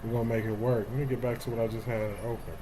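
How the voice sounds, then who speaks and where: A man's voice: medium pitch, level tone, racing, noisy background. A middle-aged man, hosting a casual live sports stream and greeting viewers by name. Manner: greets chat viewers by name, loose and talkative. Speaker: livestream sports show host.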